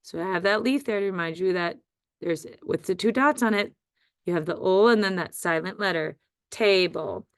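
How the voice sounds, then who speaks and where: A woman teaching a phonics dictation lesson, sounding out words slowly and deliberately. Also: mid-range voice, clear, resonant tone, dry recording, studio quality.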